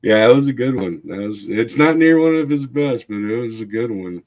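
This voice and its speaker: A man's voice: medium pitch, animated, brisk, a little mellow. A man casually telling a long story, rambling with fillers, laughing often and acting out other people's voices. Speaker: livestream guest.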